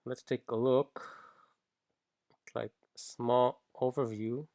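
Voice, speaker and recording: A man's voice: medium pitch, flat delivery, slow pace, warm tone, no room sound, studio quality. A man walking through code in a screen-recorded programming tutorial, thinking aloud with frequent fillers and restarts. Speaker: iOS developer teaching.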